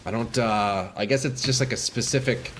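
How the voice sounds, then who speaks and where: A man streaming a game live, chatting casually with viewers, excitable and swearing, sniffling from a runny nose. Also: medium pitch, normal speed, a little hiss or hum. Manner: excitable, swears, calls chat "bro" and "dude". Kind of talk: casual live gameplay chat.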